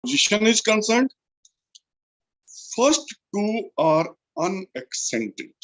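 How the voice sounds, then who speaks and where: A male college lecturer from India with an Indian English accent, slowly explaining a literature lesson and repeating key terms for emphasis. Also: high voice, sing-song, a bit bright.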